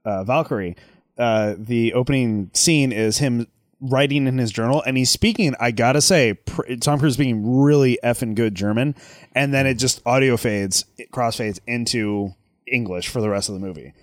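Dude chatting over a movie, jokey asides, dry mic. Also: male voice, medium pitch, normal speed, no echo. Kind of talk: casual movie commentary chat.

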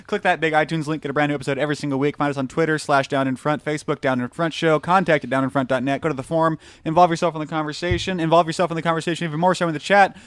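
A man's voice: on the high side, fairly even intonation, smooth, no room sound. A man hosting a podcast, rattling off the show's outro and plugs. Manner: quick, rattled-off promo reading. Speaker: podcast host. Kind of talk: casual podcast chat and outro.

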